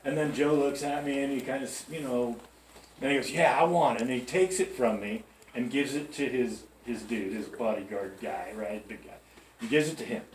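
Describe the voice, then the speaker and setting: A man's voice: medium pitch, normal speed, a little hiss or hum. Guy giving a storytelling pep talk to store staff, keeps asking right?, big echoey room, kinda far off mic. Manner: chatty, keeps checking in with listeners. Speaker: company manager speaking to new store staff. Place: large music store indoors.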